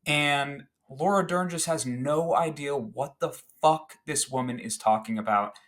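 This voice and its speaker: A man chatting as a podcast guest, recounting a favorite film scene in an animated, rambling way with fillers and restarts. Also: on the high side, unhurried.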